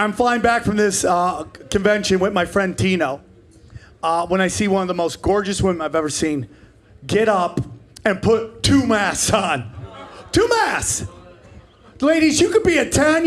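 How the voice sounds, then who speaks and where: A man in his forties performing a stand-up comedy set, brash and profane, riffing with the crowd. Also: sits high. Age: 40s.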